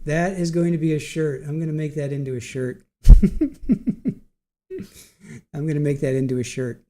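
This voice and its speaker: A middle-aged man hosts a livestream, chatting casually with viewers in the live chat. His voice sits on the high side, level and dark-toned, and he talks fairly quickly. Tired after a long day, he's giggly, punch-drunk and keeps repeating himself.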